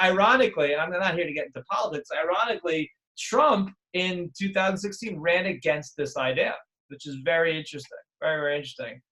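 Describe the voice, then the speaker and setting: A middle-aged man with a somewhat high, slightly bright voice teaches an online class. His casual lecture is chatty and wanders off on tangents, and he acts out other people's voices.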